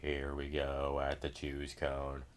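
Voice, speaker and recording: A man putting on a mock race announcer voice, lowered and slow. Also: monotone. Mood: mock-amazed.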